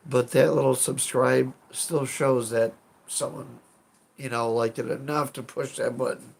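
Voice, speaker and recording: A man's voice: mid-range voice, steady tone, a little slow, creaky, breathy edge. A man casually chatting with his live chat as a streamer, rambling, self-deprecating and swearing now and then.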